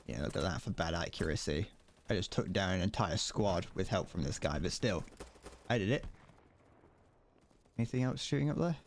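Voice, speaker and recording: Rambling British man, lowish voice. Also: expressive, normal speed, long pauses, a little hiss or hum. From Britain. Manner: rambling, joking, self-mocking. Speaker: streamer. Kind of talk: casual gameplay commentary.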